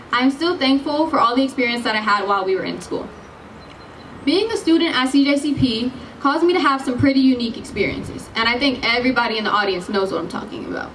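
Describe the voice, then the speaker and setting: Teen girl class president, high bright voice, giggly, a bit far from the mic, faint room hum. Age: late teens. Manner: bubbly, giggly, apologizes when she loses her place. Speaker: class president giving graduation speech. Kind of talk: commencement speech.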